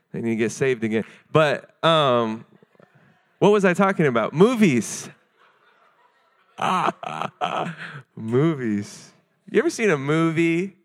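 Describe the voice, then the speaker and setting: Young guy preaching, chatty and jokey, lots of fillers. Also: mid-range voice. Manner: casual, joking and animated, many fillers. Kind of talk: sermon.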